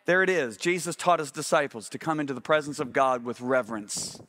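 A male pastor delivering a lively sermon in a high, bright voice. He swings from loud, excited exclamations down to low, intense emphasis, addressing the congregation directly from a stage microphone. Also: fairly quick.

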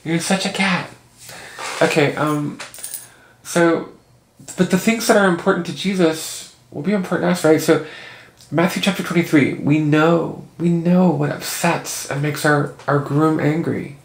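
A man's voice: a little high, fairly even intonation, normal speed, gravelly. A man giving an earnest, conversational Bible teaching from home. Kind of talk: casual Bible teaching video. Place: at home, indoors. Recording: echoey room with faint noise.

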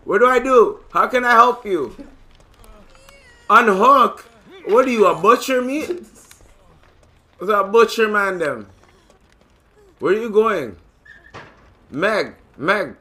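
A man casually commentating his gameplay, excitable and joking, with loud profane outbursts. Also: high voice, slow pace, long pauses. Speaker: gamer and channel host.

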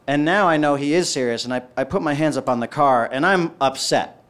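A man's voice: on the high side, fast talker, few pauses, clear, resonant tone. A male stand-up comedian telling a long story and acting out both sides of the dialogue.

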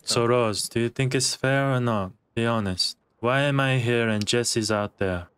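A man's voice: mid-range voice, measured pace, a bit bright, clean tone, lightly acted. A man voicing an indignant male protester in game role-play, speaking in broken English and lecturing insistently. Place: game voice chat.

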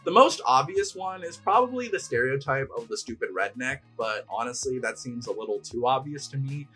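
A man's voice: mid-range voice, slightly rough. A man hosting a channel, narrating a scripted video essay. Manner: lively, explanatory. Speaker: YouTube host.

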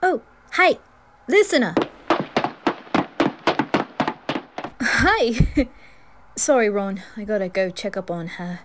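A woman's voice: medium pitch, unhurried, a little mellow, a little hiss or hum, lightly acted. A woman voicing a nervous, friendly teenage schoolboy wizard in a whispered role-play, stammering and apologizing. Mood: cheerful.

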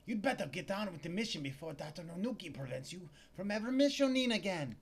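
A man voicing a nervous female spy working as a music shop clerk, high and trembling, slipping in foreign curse words. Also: very animated, quick pace, husky, heavily acted. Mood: bossy.

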